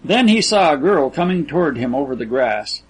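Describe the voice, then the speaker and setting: Husky-voiced man reading a story aloud. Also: a little high, sing-song, normal speed, rough recording. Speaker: audiobook narrator. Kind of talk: scripted literary narration.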